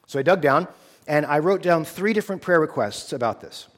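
This American theology student in his thirties has a higher, expressive voice and moves at a brisk clip. He recounts a personal testimony with earnest, casual storytelling, and the recording carries a long hall reverb.

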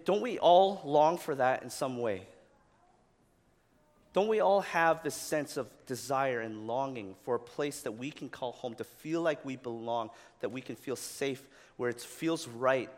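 A man preaching a sermon in a casual, conversational way, often tagging "right?" onto his points and growing loud and animated as he retells the story. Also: mid-range voice, long reverb tail. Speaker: pastor.

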